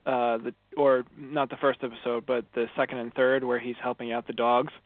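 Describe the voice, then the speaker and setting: A man co-hosting a podcast in casual chat, relaxed and hesitant, with many fillers. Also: medium pitch, normal speed, slight background noise. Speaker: podcast co-host. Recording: tinny phone-like sound, dry.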